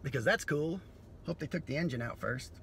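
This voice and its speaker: A man doing a profane, sardonic comedy monologue that breaks into sudden loud bursts. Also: fairly high pitch, a little fast, creaky, slight background noise.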